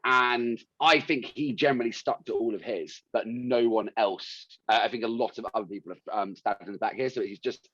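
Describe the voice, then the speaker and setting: Easygoing co-host, dull dry sound. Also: male voice, medium pitch, brisk, few pauses, a bit bright, husky, no echo. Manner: laughs often, easygoing. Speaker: podcast co-host. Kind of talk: casual chat.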